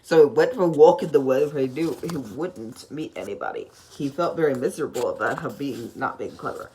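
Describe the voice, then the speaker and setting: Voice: medium pitch, expressive, a little fast, darkish tone, a little hiss or hum, low-quality recording. A reader giving a casual storybook read-along, giggling often and stumbling over words.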